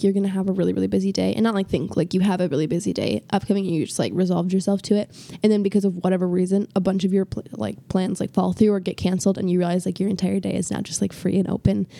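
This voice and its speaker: A woman's voice: medium pitch, creaky, dark tone, dry recording. A teenage girl co-hosting a casual family podcast, bubbly and giggly with lots of filler. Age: teens. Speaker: podcast co-host, daughter.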